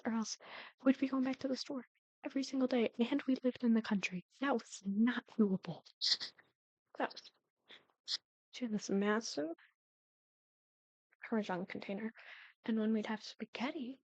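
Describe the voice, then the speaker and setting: A woman's voice: a little high, darkish tone, no echo, highs cut off. A young woman in her twenties telling family stories in a casual chat, often dropping into a whisper. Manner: chatty, often drops to a whisper. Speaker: Sims builder and storyteller. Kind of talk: casual storytelling over gameplay.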